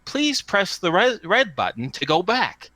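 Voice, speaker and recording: A man's voice: high-pitched, big pitch swings, a little slow, bright, forceful tone, no room sound, pitched above the performer's own voice, exaggerated voice. A man voicing a cheerful, polite automated information terminal in a tabletop game. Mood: chirpy polite. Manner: chirpy polite automated announcements. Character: cheerful talking info terminal machine.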